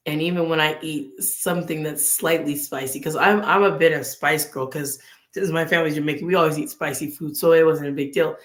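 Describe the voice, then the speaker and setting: A woman's voice: low voice, steady tone, a little fast. Earnest woman in a roomy echo. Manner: earnest, acts out inner dialogue. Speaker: vlog host. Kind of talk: casual faith chat.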